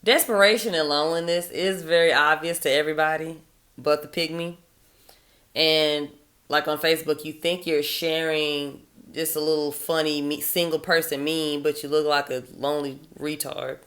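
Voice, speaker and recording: A woman's voice: sits low, steady tone, normal speed, fairly bright tone. A woman giving dating advice in a blunt, profane, sardonic monologue. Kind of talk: casual opinionated monologue.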